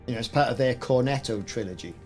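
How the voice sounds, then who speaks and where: A Welsh-accented man hosts a casual gaming livestream, chatting, joking and throwing in mock sports commentary. He talks fast in a medium-pitched, slightly mellow voice, with faint music in the background.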